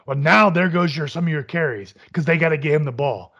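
Man with a slightly high, muffled voice. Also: brisk, pushed and bright. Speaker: podcast co-host. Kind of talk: casual sports talk.

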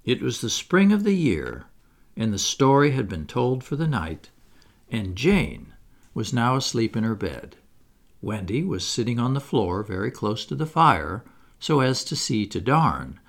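A man narrating a classic storybook aloud in an expressive reading voice. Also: medium pitch. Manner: expressive, wide-ranging. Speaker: audiobook narrator.

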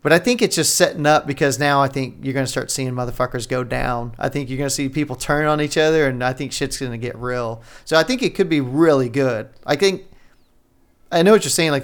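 A man co-hosting a podcast in casual chat, relaxed and profane. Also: mid-range voice, quick pace, clear, resonant tone. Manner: relaxed, profane, laid-back agreeing. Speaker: podcast co-host.

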